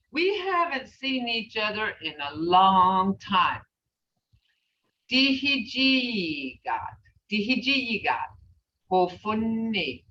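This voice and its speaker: Slow, patient woman teaching a language class. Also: medium pitch, sharp tone. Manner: patient, repeats words slowly for students to copy. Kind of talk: recorded online language class. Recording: roomy, distant, muffled class recording.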